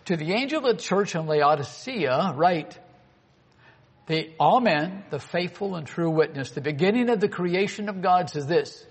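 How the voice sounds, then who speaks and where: High-voiced man preaching in a reverberant hall. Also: lively intonation, normal speed, slightly rough. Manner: earnest, rhetorical questions to the room. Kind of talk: sermon.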